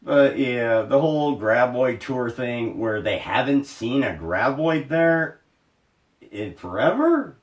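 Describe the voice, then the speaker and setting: A man's voice: medium pitch, very animated, takes it slowly. A man co-hosting a casual movie review podcast, blunt and sweary in his opinions. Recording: roomy, distant mic.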